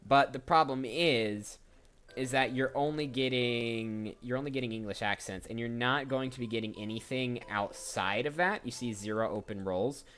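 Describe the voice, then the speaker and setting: His voice sits at medium pitch, a little bright and smooth, at a moderate pace. He's a voice actor streaming live, musing aloud as he browses and repeatedly restarting what he says, over quiet background music.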